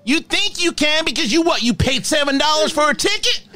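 A man's voice: very high voice, lively intonation, brisk, bright, forceful tone, exaggerated voice. Man putting on a mean, ranting troll lady. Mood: scornful. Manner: insulting, ranting, swearing. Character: mean, foul-mouthed woman troll who loves old cinema. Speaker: host.

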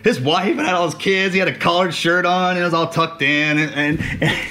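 A man's voice: high voice, normal speed, pushed and bright, slight background noise. A man, a former Navy SEAL, telling service stories in casual conversation and laughing through his punchlines.

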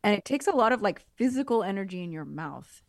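A woman's voice: mid-range voice, very animated, quick pace, gravelly, no echo, studio quality. A woman, co-hosting a podcast in a casual, rambling chat. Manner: chatty, rambling explanations with many fillers. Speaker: podcast co-host.

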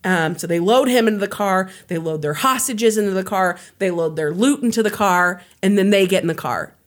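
A woman casually retelling a true-crime story to a friend, animated and laughing, her voice jumping high when excited. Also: a little fast.

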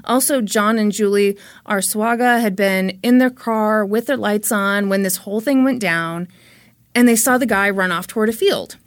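A woman's voice: mid-range voice, moderate pace, dry recording, clean studio sound. A woman hosting a podcast, telling a true-crime case in a chatty, dramatic way and swearing freely. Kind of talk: casual storytelling.

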